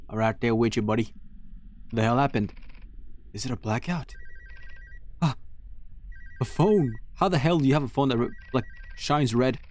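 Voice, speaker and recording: A man's voice: mid-range voice, a little mellow, a little hiss or hum. Man chatting through a horror game. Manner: talks to himself, reads game text aloud. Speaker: streamer playing a horror game. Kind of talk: casual let's-play commentary.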